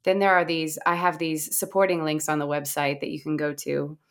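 An American woman, the founder of a satirical website, appears as a guest in a casual interview, talking earnestly and rambling with many restarts and fillers. Her voice is deep, with little pitch movement, and she speaks fairly quickly.

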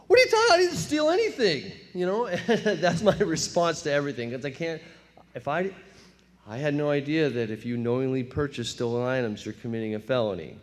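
A man in his fifties from telling his recovery story at a meeting, storytelling with self-mocking laughs and quick put-on voices for his younger self. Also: mid-range voice, a little hiss or hum. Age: 50s. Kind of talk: personal testimony talk. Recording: long hall reverb.

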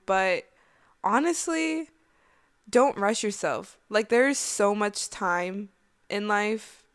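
A young woman talks to her viewers in a casual, heartfelt advice vlog, earnest and chatty, full of fillers. Her voice is smooth and clear, pitched in the middle for a woman. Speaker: vlogger.

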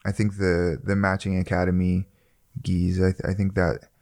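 A man co-hosts a casual podcast in a relaxed, joking way. His voice sits somewhat low, and he laughs often as he talks. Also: normal speed. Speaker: podcast co-host.

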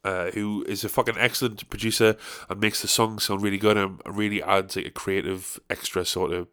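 A tired young man hosts his own solo podcast, chatting casually in a rambling, sweary, self-deprecating way. His voice is fairly low and level, a little fast, with a bright, forceful tone.

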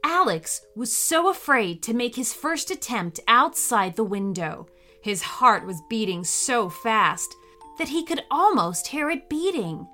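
A woman's voice: on the high side, measured pace, soft background music. Cheerful woman reading a kids' story. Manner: cheerful, expressive. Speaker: host and storyteller.

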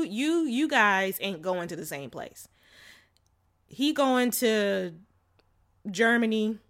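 A woman's voice: a little high, fairly bright tone. A woman chatting casually to her viewers about relationships, candid and slangy, laughing often and filling her talk with "like" and "you know.". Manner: frank and slangy. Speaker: vlogger giving relationship advice. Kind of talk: casual chat to camera.

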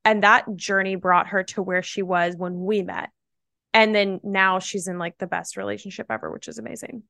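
A young adult woman tells a personal story as a podcast guest, animated and chatty with plenty of "like" fillers. Her voice sits at an ordinary middle pitch. The sound is close and dry, with no room echo. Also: normal speed, gravelly. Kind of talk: casual storytelling.

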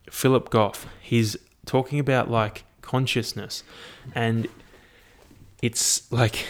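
A man's voice: fairly low pitch, smooth. A young man, musing aloud in a casual, profane monologue full of fillers. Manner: profane, animated, thinks aloud with many fillers.

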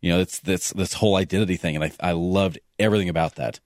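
Man, very deep voice, dry close sound, animated storyteller, casual chat. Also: quick pace, dry recording. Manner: animated storyteller, acts out scenes. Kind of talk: casual movie discussion podcast.

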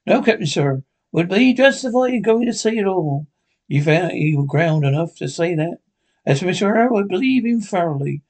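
A man's voice: lively intonation, moderate pace, darkish tone. A man doing a stern, blunt sea captain. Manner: blunt, formal, raised pitch. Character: gruff, stern older male ship captain. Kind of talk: audiobook character reading.

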